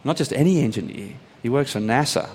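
Preacher in a reverberant hall. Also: male voice, lively intonation, brisk, a little mellow, husky. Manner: storytelling, voice climbing high on emphatic points. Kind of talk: sermon.

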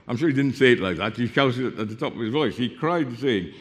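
A man preaching a sermon, explaining Bible verses and reading them aloud, with sudden drops to a hushed voice. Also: medium pitch, expressive, a little fast, hardly any pauses. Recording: long reverb of a hall.

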